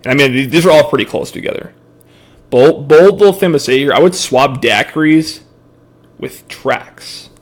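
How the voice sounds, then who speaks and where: Young guy co-host, kinda high voice, stumbles and restarts a lot, talks offhand. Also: normal speed. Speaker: podcast co-host. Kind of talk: casual fantasy football chat.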